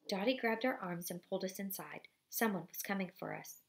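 Woman reading a novel aloud, gravelly edge. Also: mid-range voice, brisk. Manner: steady, expressive reading with brief apologies for slips.

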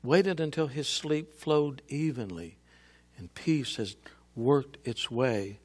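A male pastor reading scripture and a book aloud dramatically in a church, swinging between loud and hushed. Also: mid-range voice, slow, husky. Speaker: senior pastor. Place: church sanctuary.

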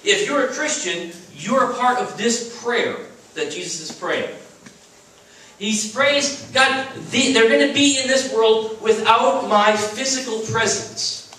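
A man's voice: very high voice, slow, bright, forceful tone. A man preaching an earnest, emphatic sermon as a chapel speaker at a Christian school. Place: chapel at a retreat. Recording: echoey room from far off.

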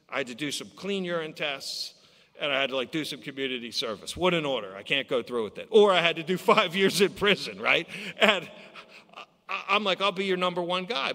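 A man giving a recovery share at a conference, telling his story with lively acted-out dialogue. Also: medium pitch. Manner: storytelling, acts out quoted voices. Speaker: AA speaker. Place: conference hall. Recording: long hall reverb.

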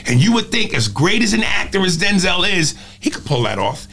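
Male comic guest, fairly high-pitched, lively storyteller, casual chat. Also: fairly quick, creaky. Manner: animated storyteller who drops into impressions. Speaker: comedian and impressionist guest.

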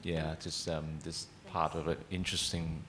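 A man moderating a public talk, reflecting on the guest's answer with soft murmurs of agreement. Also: extremely low pitch, level tone, moderate pace, slight background noise.

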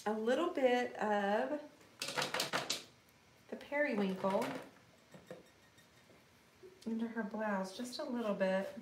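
Woman, painting tutorial host, fairly high voice, chatty, laughing, echoey room. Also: slow, pauses often, background noise. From United States. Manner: chatty, laughs often, apologetic asides while painting. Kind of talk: live painting demonstration.

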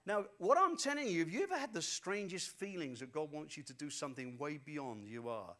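High-voiced animated man preaching. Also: a little fast. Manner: animated storytelling preacher, repeats phrases for emphasis. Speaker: pastor. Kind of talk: sermon.

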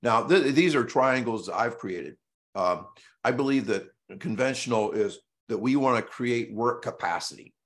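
A man's voice: medium pitch, measured pace, a bit bright. A male coach giving a presentation in a blunt, emphatic way, hammering points home with repetition and an occasional mild curse. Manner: casual and salty, with mild swearing.

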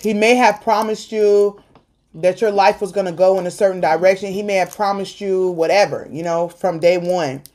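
A woman host speaking earnestly about faith and perseverance in a casual chat, talking like a sermon and protesting loudly when teased. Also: medium pitch, fairly even intonation, normal speed. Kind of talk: casual faith talk on an eating show.

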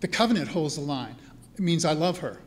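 A man's voice: on the high side, lively intonation, a little fast, a little hiss or hum. A man who is a priest and spiritual care teacher, telling stories to a live audience in a chatty way. He often checks in with the listeners as he talks. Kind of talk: storytelling talk to a live audience. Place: church hall event.

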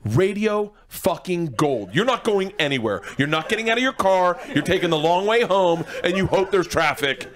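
Guesting on a casual radio interview, a comedian in his forties tells rambling, excitable stories, restarting sentences often. His high voice moves at a moderate pace with few pauses.

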